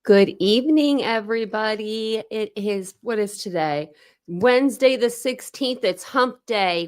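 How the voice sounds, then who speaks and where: A woman's voice: medium pitch, animated, a little slow, darkish tone. A woman hosting a true crime livestream, chatting casually and greeting viewers by name between frequent laughs.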